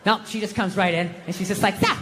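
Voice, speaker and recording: A man's voice: high-pitched, steady tone, fast talker, over loud music. A middle-aged man doing stand-up comedy, telling exasperated, profane stories and acting out the people in them. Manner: profane, exasperated storytelling with acted-out quotes. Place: live comedy venue. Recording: live reverb hall with faint noise.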